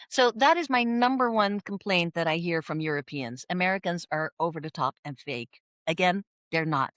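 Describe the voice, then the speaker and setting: Lively woman coach, dry close sound. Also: moderate pace, few pauses, dry recording. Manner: lively, acts out quoted voices with big pitch swings. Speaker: intercultural communication coach. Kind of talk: podcast interview.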